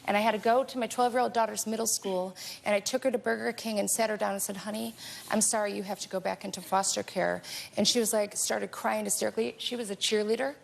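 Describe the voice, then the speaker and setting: A woman's voice: medium pitch, steady tone, quick pace, vocal fry. A woman, a mother appearing as a talk show guest, telling her story in an impassioned, indignant way. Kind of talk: emotional personal testimony.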